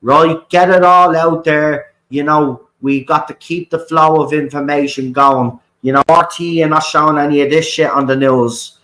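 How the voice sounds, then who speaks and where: A man's voice: a little high, steady tone, normal speed, hardly any pauses, fairly bright tone, low-quality recording. An Irish man hosting a livestream, ranting with fiery passion, swearing often and repeating himself. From Ireland. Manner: fiery, repetitive, swears often, keeps asking "right?". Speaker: livestream host. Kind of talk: impassioned livestream rant.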